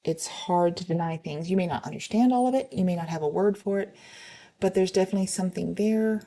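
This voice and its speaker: A woman reads posted stories aloud in a plain, even delivery, now and then stumbling and restarting a word. Her voice sits on the low side with a gravelly, creaky edge and a dark, mellow tone. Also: fairly quick. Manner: plain, steady reading with a few slips and restarts. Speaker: reader of online stories. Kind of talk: reading posts aloud.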